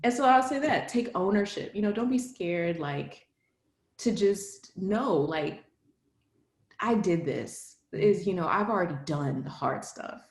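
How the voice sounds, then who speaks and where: A woman speaking as a podcast guest in casual interview chat, lively and chatty, laughing often and filling her speech with "like". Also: lowish voice, unhurried. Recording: roomy echo.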